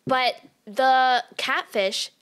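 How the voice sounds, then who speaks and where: A young woman co-hosting a podcast, telling a story in a casual, animated way, swearing and laughing often. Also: high voice, drawn-out words, clear, resonant tone. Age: young adult. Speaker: podcast co-host. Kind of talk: casual chat.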